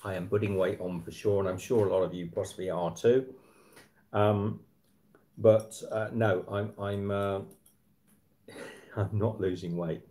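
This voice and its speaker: Chatty man, low mellow voice. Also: little pitch movement, a little slow, long pauses. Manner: chatty, rambling, frequent fillers and restarts. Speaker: livestream host. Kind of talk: casual live-stream chat. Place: apartment at night.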